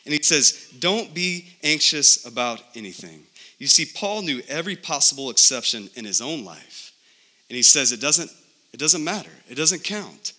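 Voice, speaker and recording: A man's voice: a little high, lively intonation, moderate pace, bright, forceful tone. A man preaching a sermon as a pastor, emphatic and full of rhetorical questions. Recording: long reverb of a large hall.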